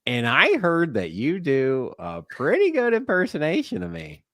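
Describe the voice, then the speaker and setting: A man putting on a slow, overly polite middle-aged male sports reporter in a drawn-out delivery. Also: fairly high pitch, wildly swooping pitch, creaky, fairly bright tone, no echo, voice pushed up, full character voice. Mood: friendly.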